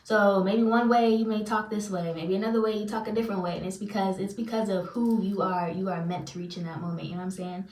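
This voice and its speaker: A woman's voice: medium pitch, steady tone, fast talker, few pauses, a little mellow. Chatty woman in a roomy room. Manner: chatty, loose and self-deprecating, filler-heavy. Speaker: spiritual reader and channeler. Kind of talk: casual rambling monologue to viewers. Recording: roomy sound, far from the mic.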